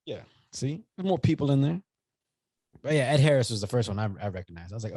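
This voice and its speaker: A man co-hosting a podcast, talking about a movie in a casual chat, playful and animated. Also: medium pitch, fast, slightly rough, no room sound, clean studio sound. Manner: animated, playful, acts out silly voices. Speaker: podcast co-host.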